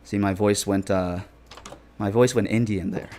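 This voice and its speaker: A man's voice: fairly low pitch, fairly even intonation, measured pace, warm tone. A young man streaming a game, chatting casually, joking and rambling as he reads chat messages aloud.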